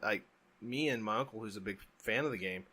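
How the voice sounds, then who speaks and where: A man co-hosting a casual podcast, his voice bright and forceful. He talks emphatically, pushing his points hard in an animated rant. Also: on the low side, a little fast. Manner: emphatic, ranting. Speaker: podcast co-host. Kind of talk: casual chat.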